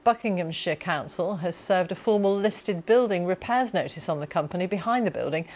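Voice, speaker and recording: Female newsreader, lowish voice, formal. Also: a little fast, few pauses, a little mellow, faint music behind. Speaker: news presenter. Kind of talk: news reading.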